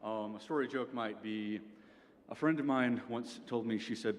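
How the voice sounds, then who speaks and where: A man's voice: mid-range voice, normal speed. A young man performing a stand-up comedy set at a university venue, with a dry delivery like a lecture and frequent "okay?" asides. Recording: long hall reverb, faint ambience.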